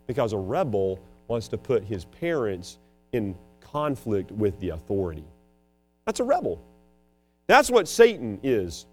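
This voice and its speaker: Emphatic preacher man with swooping pitch. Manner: dramatic, emphatic, swings between loud and hushed, acts out quotes. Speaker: preacher and school teacher. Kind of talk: sermon.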